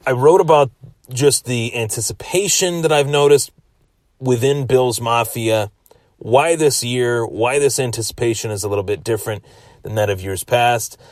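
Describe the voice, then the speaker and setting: A man's voice: lowish voice, no echo, studio quality. A man hosting a solo sports podcast, giving a chatty recap that often repeats and restarts phrases. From Western New York.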